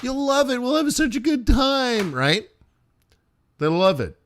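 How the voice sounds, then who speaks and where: A man's voice: a little high, very animated, slow, a bit bright, slight background noise, heavily acted. A man putting on the voice of a pushy rich friend who begs you to join him on his yacht, gushing and coaxing. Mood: pleading.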